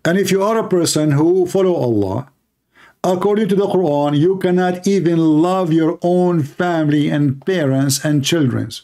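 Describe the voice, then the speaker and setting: Male streamer, higher-pitched and mellow, sarcastic and jeering, broken grammar. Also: normal speed. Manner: sarcastic and mocking, nonstandard English grammar. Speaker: host of a live religious debate stream. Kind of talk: mocking livestream monologue.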